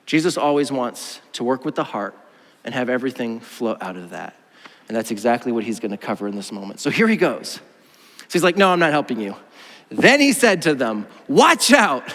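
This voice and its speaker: Lively male pastor, bright forward tone, preaching playfully, long reverb from the church hall. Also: mid-range voice, fairly quick. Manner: animated, playful, acts out voices. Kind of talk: sermon. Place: church auditorium.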